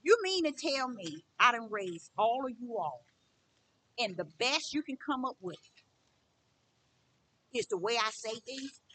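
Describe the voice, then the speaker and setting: Bright, high, emphatic preaching woman. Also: sing-song, unhurried, long pauses, a little hiss or hum. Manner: emphatic, repetitive, testifying. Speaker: spiritual teacher. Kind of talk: preaching monologue.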